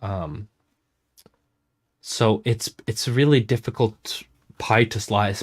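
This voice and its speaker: A man's voice: on the low side, fairly even intonation, takes it slowly. A man hosting a casual livestream, reading out and answering chat comments in a rambling, self-interrupting way with casual swearing. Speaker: music producer hosting a chat stream.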